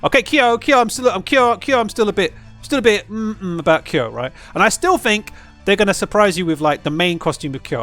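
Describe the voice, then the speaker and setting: Male gaming vlogger, higher voice, very lively pitch, rambling and excitable, faint music behind. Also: brisk. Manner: excitable, rambling, repeats himself, spikes high when hyped. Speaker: gaming channel host. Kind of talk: casual video commentary.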